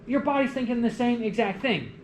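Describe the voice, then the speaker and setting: A man's voice: very high voice, brisk. Joking male lecturer in echoey classroom. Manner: animated, jokey, asks the class questions. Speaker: college lecturer. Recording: echoey classroom with faint room noise.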